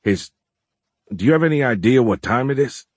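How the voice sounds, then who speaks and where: A man's voice: mid-range voice, animated, moderate pace, a little mellow, breathy edge, no echo, voice pushed up. A man voicing a groggy man woken by a phone call, slurred and irritable. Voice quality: slurred, sleepy. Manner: irritable, grumbling.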